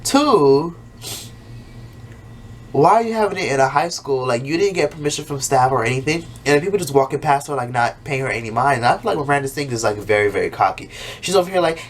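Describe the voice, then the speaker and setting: A man's voice: medium pitch, expressive, fairly quick. A man in the middle of his range talks through an episode in a loose, profane way, like a YouTuber chatting straight to his viewers. He keeps jumping into exaggerated voices to mimic the characters, and a faint hum of room ambience sits behind him. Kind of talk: casual, profane recap monologue.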